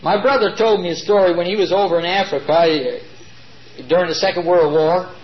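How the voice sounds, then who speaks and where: A man preaching a sermon to his congregation, emphatic and drawing key words out slowly. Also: sits high. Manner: addresses congregation as "beloved". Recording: dull lo-fi recording.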